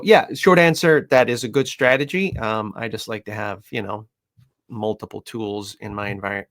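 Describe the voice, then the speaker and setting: A man who trains dogs, chatting casually and telling animated stories, often laughing and switching into high, playful voices for the people and dogs he quotes. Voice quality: chatty with frequent fillers and laughs. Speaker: dog trainer. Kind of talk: casual chat.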